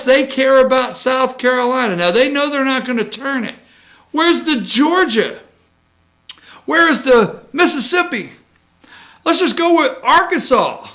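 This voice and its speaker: A man's voice: very high voice, pushed and bright. A man hosting a political talk show, joking and sarcastic as he rambles through the news. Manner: joking, sarcastic, rambling, jumps between mock impressions. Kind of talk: casual opinion commentary.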